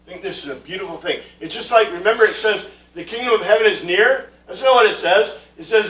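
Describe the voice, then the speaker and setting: A man's voice: high-pitched, lively intonation, brisk, hardly any pauses, fairly bright tone. Man lecturing from far off in an echoey room. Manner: conversational, with many fillers and restarts, questioning the class. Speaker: bible class teacher. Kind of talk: classroom lecture on Greek word meanings.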